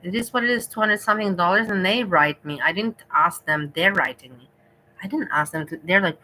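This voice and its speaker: A woman's voice: on the low side, a little fast, bright, forceful tone, slight background noise, rough recording. A young woman from Europe, a streamer ranting in frustration and swearing heavily during a reaction livestream.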